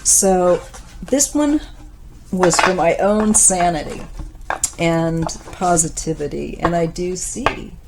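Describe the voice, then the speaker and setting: A woman in her fifties giving a casual tarot reading, thoughtful and unhurried with many pauses, her voice wearing thin. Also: lowish voice, vocal fry, noisy background. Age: 50s. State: losing her voice. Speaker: tarot reader.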